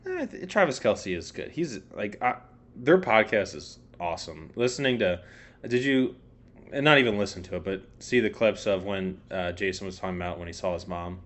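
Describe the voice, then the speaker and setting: A man's voice: on the low side, animated, moderate pace. A young man co-hosting a casual sports podcast, rambling with lots of fillers and swearing. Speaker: podcast co-host.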